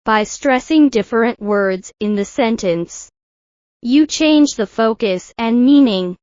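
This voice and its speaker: A woman teaching English pronunciation in a scripted lesson, slowly and carefully modelling words for learners to repeat. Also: fairly high pitch, lively intonation, a little mellow, no echo, muffled recording.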